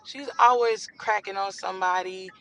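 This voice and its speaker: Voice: medium pitch, normal speed, faint music behind, rough recording. A young adult telling a casual storytime, acting out each person's lines with lots of energy. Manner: animated, acts out dialogue, rises to near shouts. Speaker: storytime vlogger.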